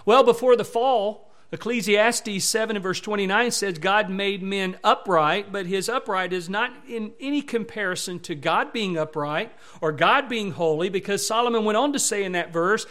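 A pastor delivering a sermon in a fairly high, bright-toned male voice. He preaches emphatically, rising and growing louder on repeated words. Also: moderate pace, few pauses.

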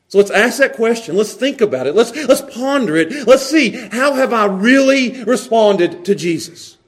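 A man preaching a sermon, animated, laughing often and repeating words as he goes. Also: very high-pitched, moderate pace. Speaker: pastor.

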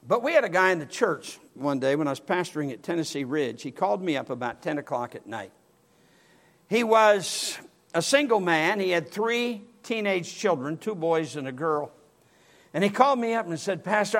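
An older pastor tells a story in a folksy, animated way. His voice sits high for a man and swings widely in pitch. He acts out the quotes as he goes. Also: vocal fry. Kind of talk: storytelling sermon.

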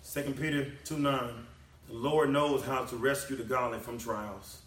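A man's voice: mid-range voice, fairly even intonation, moderate pace, far from the mic. Man preaching in an echoey hall. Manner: repetitive, emphatic preaching, swinging from loud to soft. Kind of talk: sermon. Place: church hall.

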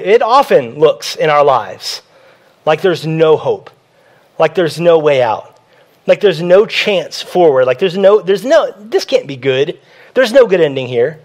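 A man with a noticeably high-pitched voice delivers a sermon as a pastor. He speaks in a conversational way, returning to the same phrases again and again to drive a point home. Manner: conversational preaching that repeats key phrases.

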